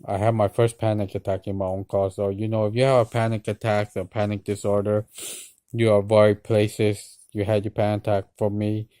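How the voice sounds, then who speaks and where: Tired man, hesitant casual vlog delivery, mellow low tone, flat, dry close sound. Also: normal speed, clean tone, no room sound. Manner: hesitant, many ums and restarts, soft-spoken. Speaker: vlogger.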